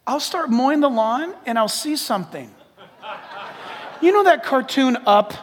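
A middle-aged male pastor preaching a sermon in a church. He is animated and humorous, with sudden hushed asides. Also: very high voice, a little slow. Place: church sanctuary. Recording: long reverb of a large hall.

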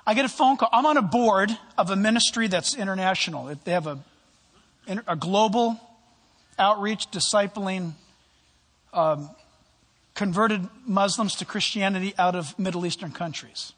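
Male pastor sermon, lots of acted-out dialogue, husky, echoing hall. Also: sits high, moderate pace. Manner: animated storytelling, acting out voices and dialogue. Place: church sanctuary. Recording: long hall reverb.

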